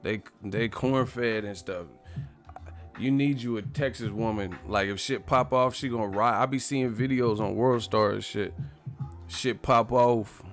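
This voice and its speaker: A man in his thirties talks loosely on a live stream, full of profanity, rambling from one thought to the next. His voice sits fairly low. Faint music plays underneath. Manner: profane, rambling, laughs often. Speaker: boxing stream host. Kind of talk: casual live-stream chat reading comments.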